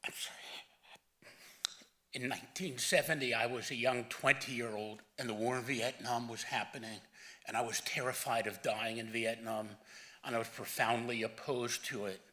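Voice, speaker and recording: A man's voice: mid-range voice, steady tone, normal speed, bright, forceful tone. A man in his seventies giving a eulogy for his father, growing emotional and near tears as he speaks. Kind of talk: funeral eulogy.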